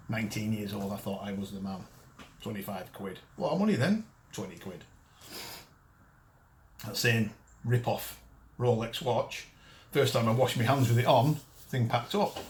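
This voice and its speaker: A man's voice: lowish voice, a little hiss or hum. A man, hosting a detecting show and ranting bluntly to camera. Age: 50s. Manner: blunt, ranting, frequent restarts. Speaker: detecting show host and dealer. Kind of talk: casual chat to camera.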